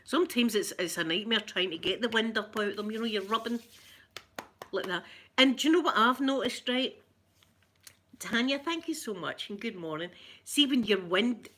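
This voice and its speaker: A middle-aged Scottish woman chatting away to her live viewers with a bright, clear voice. She greets people by name and laughs easily as she talks. Her pitch sits in an ordinary middle range. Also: expressive, normal speed. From Scotland. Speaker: ASMR livestream host. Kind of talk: casual chat with live viewers.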